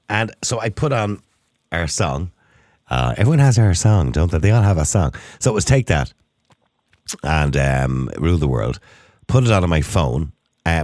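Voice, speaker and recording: A middle-aged Irish man hosting a radio show, chatting and laughing in an animated way on a studio mic. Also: very deep voice, dry recording. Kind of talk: casual radio chat.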